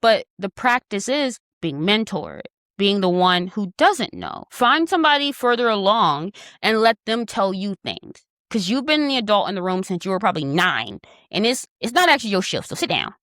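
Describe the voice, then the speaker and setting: A young woman talks through astrology in a casual, chatty way, teasing her listeners and drifting into affectionate asides. Her voice sits at a middle pitch and sounds close and dry, with no room around it. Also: sing-song, moderate pace, a bit bright, no echo. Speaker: astrology host. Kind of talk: casual spoken astrology talk.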